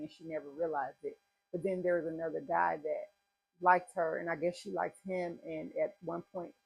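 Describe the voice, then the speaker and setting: Lady vlogger rambling thru a movie review, low gravelly voice, kinda husky. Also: darkish tone, poor audio. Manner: chatty, rambling retelling with asides. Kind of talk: casual chat.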